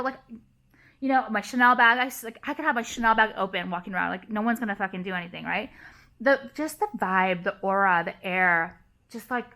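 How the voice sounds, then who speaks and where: A woman's voice: on the high side, sharp tone. A young woman vlogger ranting to camera, heated and profane, hammering her points with emphatic repetition. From Los Angeles area. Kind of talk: casual rant to camera.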